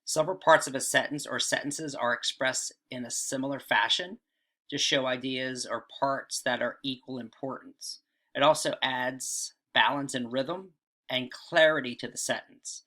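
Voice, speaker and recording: A man's voice: mid-range voice, steady tone, normal speed, bright, forceful tone. A man teaching writing in a casual video lesson, often checking in with "all right" and "right?".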